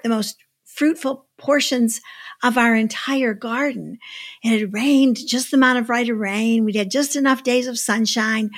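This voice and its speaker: Woman preaching, kinda high voice, tells her story with lots of feeling and emphasis. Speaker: devotional speaker. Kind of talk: sermon storytelling.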